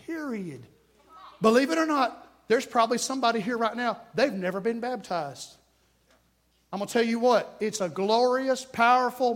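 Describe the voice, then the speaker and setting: Preaching a lively sermon inside a church sanctuary, a man with a high voice alternates between shouting exhortations and dropping into hushed asides.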